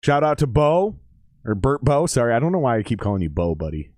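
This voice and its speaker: A man in his forties talks his viewers through a football game on a live stream, casual, profane and quick to get worked up. His voice sits at an ordinary male pitch. The sound is dry and close, with no room around it. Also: sing-song, darkish tone, dry recording.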